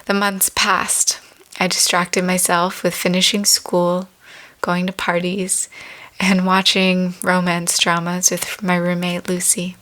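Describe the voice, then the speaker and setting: A woman in her twenties reading her own memoir aloud in a measured, reflective way. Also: lowish voice, monotone, pushed and bright.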